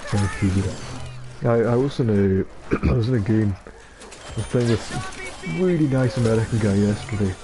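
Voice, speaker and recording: A man's voice: lowish voice, measured pace, over music. A young Scottish man of about nineteen, chatting casually while streaming a game, rambling and self-deprecating with a dopey voice. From Scotland. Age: young adult, about 19. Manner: rambling, self-deprecating, stumbling over words. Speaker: gaming streamer. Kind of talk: casual late-night gaming chat. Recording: noisy game audio behind.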